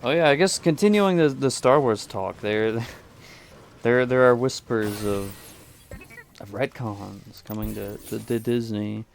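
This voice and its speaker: A man's voice: mid-range voice, unhurried, creaky, a little hiss or hum. A man chatting casually while he plays a game, rambling and hesitant, often restarting his sentences. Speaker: gaming video creator. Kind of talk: casual chat while playing.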